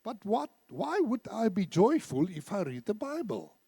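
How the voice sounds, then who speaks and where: A man in his seventies preaching a sermon in a church, an animated storyteller who acts out the dialogue. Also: sits high, moderate pace, gravelly, slightly rough, no echo, studio quality. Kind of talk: sermon with told anecdotes.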